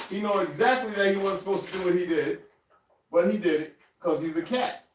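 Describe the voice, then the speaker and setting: A man's voice: high-pitched, brisk, recorded from a distance. A man chatting casually to his viewers in his home kitchen, laughing often and talking to his cat as he searches around. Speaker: vlogger. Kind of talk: casual rambling vlog. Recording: roomy, off-mic, faint noise.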